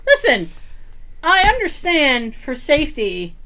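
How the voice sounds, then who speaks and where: A woman's voice: sits high, slow. A woman co-hosting a podcast, telling a story in casual chat, acting out what people said and laughing often. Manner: animated storyteller, acts out quotes, laughs often. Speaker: podcast co-host.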